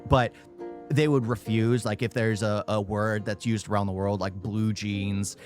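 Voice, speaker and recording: A young man streaming a reaction video, talking fast and loud, stuttering and repeating himself. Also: lowish voice, flat delivery, faint music behind. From United States. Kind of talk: casual reaction commentary.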